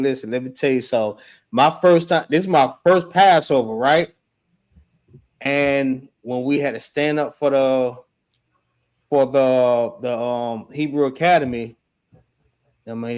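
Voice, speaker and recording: A young man telling a story in casual chat, slangy and animated, acting out the shouts he heard. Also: mid-range voice. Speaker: member recounting an event.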